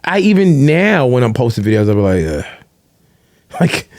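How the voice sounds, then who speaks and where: A man's voice: mid-range voice, fairly quick, no room sound. Slangy man telling stories, dry sound. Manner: streetwise slang, animated storytelling, swears freely. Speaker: podcast guest, vlogger. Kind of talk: casual chat.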